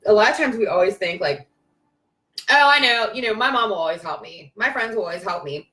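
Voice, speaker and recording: A woman's voice: medium pitch, lively intonation, brisk, bright, forceful tone. A woman giving a casual spiritual pep talk on a live video, emphatic and repetitive, with bursts of cheering and swearing. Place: at home, on a live stream. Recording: roomy echo from a distance.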